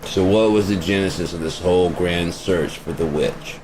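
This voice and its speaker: Deep-voiced male vlogger, crude and blunt, ranting from a car with road hum behind him. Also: normal speed, rough recording. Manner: profane, blunt, fires off rhetorical questions. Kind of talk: rambling opinion rant. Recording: steady vehicle road noise behind voice.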